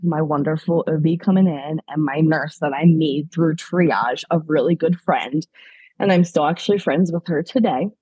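A woman's voice: deep voice, normal speed, dark tone, husky, no echo. A woman from Pennsylvania, a podcast guest in her thirties, telling her story candidly in a rambling, filler-heavy way. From Pennsylvania, USA. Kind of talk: casual interview.

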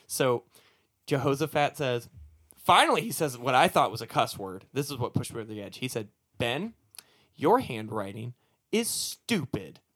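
A man's voice: medium pitch, normal speed. A young man casually telling a comedic childhood story, laughing often and acting out the voices in it. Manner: animated, laughing, acts out voices in his story.

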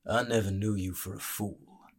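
A man voicing a scheming, spindly crime boss who speaks softly, slowly and with quiet threat, in a storybook reading. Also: fairly low pitch, steady tone. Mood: cold menace. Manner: soft, slow, quietly threatening.

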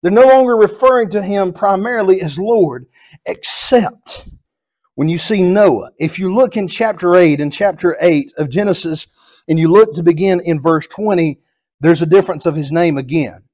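A man's voice: high-pitched, normal speed, darkish tone. A male pastor with a Southern US accent, preaching an expository sermon in an earnest, repetitive cadence.

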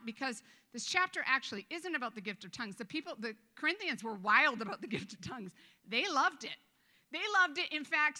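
A woman's voice: high-pitched, pushed and bright. A woman pastor preaching a sermon in a conversational, joking way, with acted asides.

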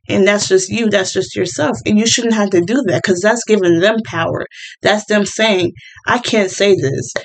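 A woman's voice: fairly low pitch, rough recording. Woman host, casual opinionated monologue, filler-heavy. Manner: chatty, opinionated, many fillers and restarts. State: partly deaf.

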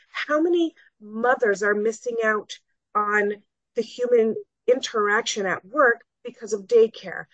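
A woman's voice: fairly high pitch, fairly bright tone, no echo. Earnest woman telling a personal story. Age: middle-aged. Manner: earnest, re-enacts conversations in her own voice. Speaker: guest, salon owner. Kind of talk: personal storytelling in a podcast interview. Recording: dull, dry lo-fi recording.

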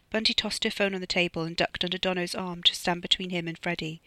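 An author reading their own novella aloud as audiobook narration, measured and steady. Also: medium pitch, no echo.

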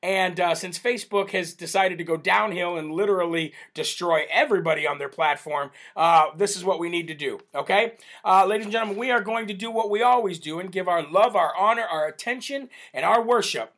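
A man hosting a live stream, reading out viewer shout-outs in a chatty, casual way, laughing often and using many fillers. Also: sits high, a little fast. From United States. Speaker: livestream host.

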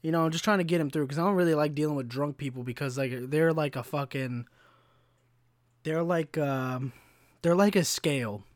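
A man, rambling through a story on his podcast. His voice sits a bit high, and it is full of casual swearing and filler. The sound is close and dry, with no room echo. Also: moderate pace. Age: 20s. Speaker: podcast host.

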